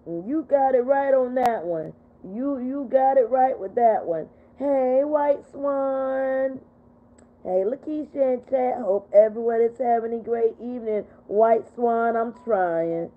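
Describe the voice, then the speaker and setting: Older woman, livestream host, higher voice, heartfelt and repeating herself, tinny phone audio. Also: takes it slowly. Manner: heartfelt, repetitive, upset but steady. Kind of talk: casual livestream chat.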